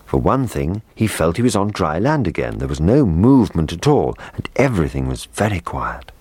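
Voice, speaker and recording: Male storybook narrator, very deep, expressive swings. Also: normal speed, breathy edge, no echo. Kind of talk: storybook reading.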